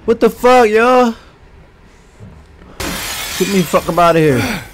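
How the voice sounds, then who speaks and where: A man's voice: high voice, lively intonation, slow, noisy background. Jumpy young man swearing at a horror game. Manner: jumpy, swears a lot, talks to viewers. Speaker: gaming streamer. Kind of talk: live horror game commentary.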